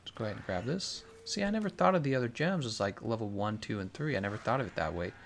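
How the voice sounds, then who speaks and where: A man's voice: fairly low pitch, animated, fast, creaky, a little hiss or hum. A man streaming a game live, in casual commentary, reading chat questions aloud and musing on his answers in a laid-back way.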